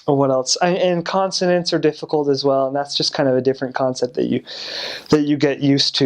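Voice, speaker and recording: A young man with an American accent talks through his points in a relaxed, casual way. He often pauses and trails off as he searches for words, and he restarts his sentences, filling the gaps with "um" and "like". His pitch sits in an ordinary middle range for a man. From United States. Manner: hesitant, many fillers and restarts. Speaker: returned missionary. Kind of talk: casual explanation.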